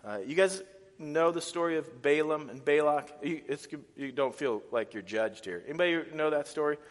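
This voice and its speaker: Animated male preacher in an echoing hall. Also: fairly high pitch, normal speed. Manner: animated, full of "like" and restarts. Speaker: pastor. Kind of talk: sermon. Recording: reverberant hall.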